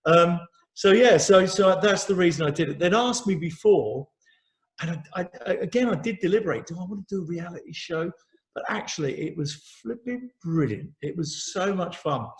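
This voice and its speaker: Chatty man with a high-ish voice. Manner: chatty, self-mocking, repeats words, laughs easily. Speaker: interview guest, singer. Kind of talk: casual chat.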